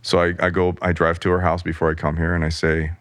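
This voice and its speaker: A man's voice: low-pitched, completely flat delivery, fast talker, fairly bright tone, no room sound. A middle-aged man, a guest on an interview podcast, telling a candid personal story in a rambling, self-interrupting way and acting out the voices of the people in it. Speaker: guest, artist.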